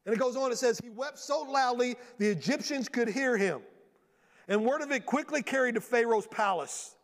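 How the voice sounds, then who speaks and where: A man preaching a sermon from a church stage in a lively storytelling way, often acting out the voices of the people he quotes. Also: extremely high pitch, moderate pace. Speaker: pastor. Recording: long reverb of a large hall.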